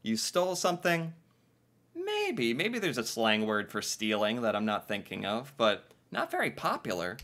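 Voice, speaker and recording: A man reacting to each word and thinking it through out loud, with frequent laughs. His voice is bright and swings widely in pitch. The talk is loose and casual. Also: wildly swooping pitch, moderate pace, hardly any pauses. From United States. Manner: musing aloud, laughing often. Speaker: reaction video host.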